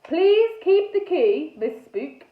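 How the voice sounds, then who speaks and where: A woman's voice: very high-pitched, big pitch swings, pitched above the performer's own voice, heavily acted. A woman doing a stately old ghost knight. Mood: slow, gracious. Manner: slow, stately, formal speech. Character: courtly old ghost knight, male, slow and polite. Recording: tinny phone-like sound in echoey room.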